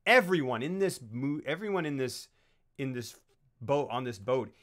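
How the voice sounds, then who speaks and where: A man's voice: medium pitch, lively intonation, normal speed, a bit bright. A man on a casual film podcast, rambling as he retells movie scenes. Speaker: podcast co-host.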